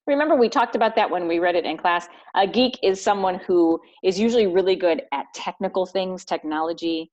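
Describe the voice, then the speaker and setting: A woman's voice: lowish voice, a little mellow. A woman teacher reading a book aloud to her students and explaining as she goes. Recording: dull lo-fi recording.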